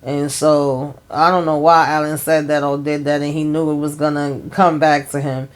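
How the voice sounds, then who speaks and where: A woman with a low voice and flat delivery recaps a TV episode at a moderate pace. The recap host keeps it casual and rambling, peppered with "um" and "you know," and addresses her viewers directly.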